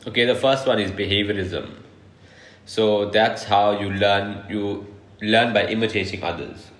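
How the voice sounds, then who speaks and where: A man's voice: on the low side, fairly even intonation, measured pace, fairly bright tone. A man from South Africa co-hosting a podcast, chatty and explaining in casual talk. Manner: chatty, explaining, laughs along. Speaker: podcast co-host. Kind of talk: casual chat. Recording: roomy echo.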